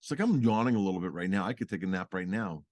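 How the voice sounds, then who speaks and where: Middle-aged man, low voice with a lively swinging delivery, playful teaser, dry close mic. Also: quick pace, no room sound. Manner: teasing, playful, laughs often. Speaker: podcast co-host. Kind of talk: casual chat.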